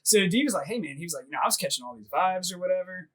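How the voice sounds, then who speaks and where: A man's voice: high-pitched, expressive, racing, a bit bright, husky, poor audio. A man casually telling a long story on a podcast, laughing often, swearing freely and filling his speech with "like.". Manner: laughing, profane, rambling with lots of "like". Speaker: podcast host.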